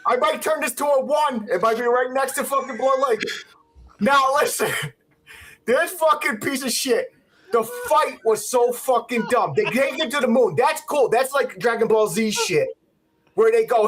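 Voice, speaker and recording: Husky man on a profane movie rant. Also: very high voice, moderate pace. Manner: profane, heated, animated. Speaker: podcast host. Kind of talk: ranting movie review.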